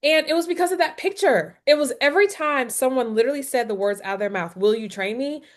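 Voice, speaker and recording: A woman's voice: high voice, quick pace. A woman wellness professional hosting a webinar, speaking candidly and acting out dialogue, heard over a video call. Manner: candid, expressive, acts out dialogue. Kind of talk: casual webinar chat.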